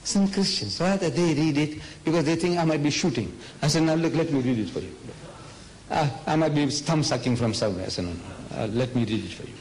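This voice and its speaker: An older South African man delivers a forceful public lecture about religion, packed with rhetorical questions and now and then sinking to a low murmur. The recording is low quality, with a slight hiss or hum.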